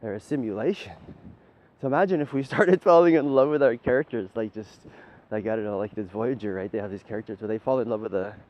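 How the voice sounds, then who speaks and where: A man's voice: on the low side, fast talker. Man rambling in lo-fi audio. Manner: loose, profane, keeps asking "right?", laughs often. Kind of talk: rambling spiritual monologue. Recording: dull lo-fi audio with faint noise.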